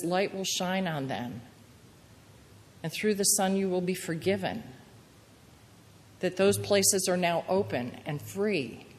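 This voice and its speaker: A woman's voice: on the low side, a little hiss or hum. Woman preaching in a reverberant hall. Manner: earnest, gentle storytelling with quoted prayers. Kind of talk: sermon.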